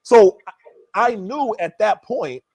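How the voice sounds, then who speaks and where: Animated high-voiced man telling a story. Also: slow pace, no echo. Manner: lively, acts out quotes with shifting pitch. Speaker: guest, former NBA player.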